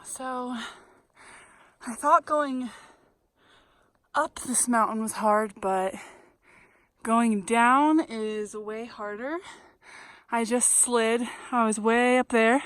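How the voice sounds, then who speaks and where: A woman's voice: a little high, extremely slow, pauses often, a bit bright, no echo, poor audio. A young woman vlogging while hiking a snowy mountain trail, talking earnestly and chattily with many fillers, into a handheld camera outdoors. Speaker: long-distance hiker vlogging. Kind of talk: casual vlog narration.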